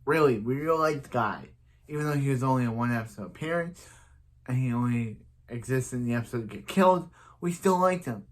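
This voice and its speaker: A man casually recapping a TV episode, rambling with many restarts and now and then quoting characters in a higher voice. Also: quick pace. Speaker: show reviewer.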